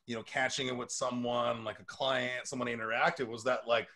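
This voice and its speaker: A man hosting a casual podcast chat, telling lively stories and laughing often. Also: medium pitch, fairly quick. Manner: animated storyteller, laughs often. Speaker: podcast host and personal trainer.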